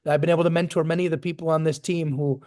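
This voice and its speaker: High-voiced, emphatic motivational man. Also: fairly even intonation, very fast, darkish tone. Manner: emphatic, punchy, builds lists for effect. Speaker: motivational speaker for a business team. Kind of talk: motivational talk over a video call.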